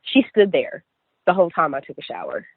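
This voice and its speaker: A woman's voice: fairly low pitch, expressive, a little fast, dry recording. A young woman from West Virginia, a podcast guest, telling her personal story in a chatty way full of "like" and "you know". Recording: tinny phone-line audio.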